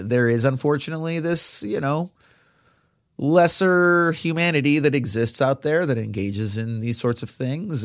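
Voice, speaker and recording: A man's voice: medium pitch, dry recording, clean studio sound. A male podcast co-host casually recapping a film scene by scene, with many fillers.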